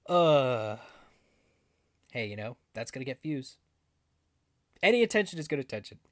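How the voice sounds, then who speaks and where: A man co-hosting a wrestling podcast in casual chat, animated and laughing often. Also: medium pitch, moderate pace, no echo, clean studio sound. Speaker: podcast co-host.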